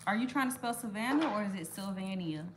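A woman's voice: medium pitch, lively intonation, quick pace. A young woman hosts a casual live-stream vlog, chatting and greeting viewers by name. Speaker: vlog host. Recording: noticeable background noise.

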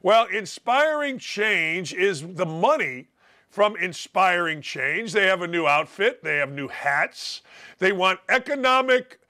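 Brash middle-aged male sports talk host with a high, bright voice, combative and mocking. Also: expressive, slow. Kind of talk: opinionated sports talk monologue.

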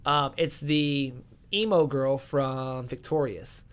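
A man's voice: mid-range voice, slow pace, clear, resonant tone. A young man co-hosting a podcast, chatting casually and gushing with lots of swearing. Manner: excitable, profane, gushing. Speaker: podcast co-host. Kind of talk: casual chat.

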